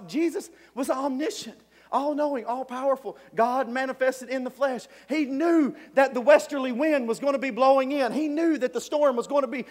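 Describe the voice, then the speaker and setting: A man delivers an animated sermon, storytelling with sudden shouts and frequent chuckles. His voice sits very high for a man. The sound rings with the long reverb of a large hall. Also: moderate pace. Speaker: preacher.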